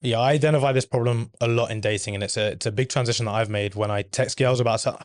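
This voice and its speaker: Podcast host guy, earnest and measured, dry close mic. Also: mid-range voice, steady tone, no echo. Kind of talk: conversational podcast interview.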